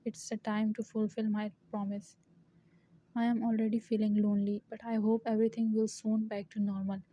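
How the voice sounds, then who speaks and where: Flat-voiced woman reading fan fiction. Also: on the high side. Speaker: story reader. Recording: dull lo-fi recording.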